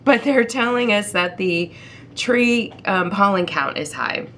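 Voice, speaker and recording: Stuffy middle-aged woman rambling to her vlog cam, lots of ums, kinda gravelly. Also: mid-range voice, animated, unhurried, a bit bright, slight background noise. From Ohio, United States. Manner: chatty, rambling, frequent ums. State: stuffy-nosed from allergies. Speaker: vlogger. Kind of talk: casual vlog chat to camera.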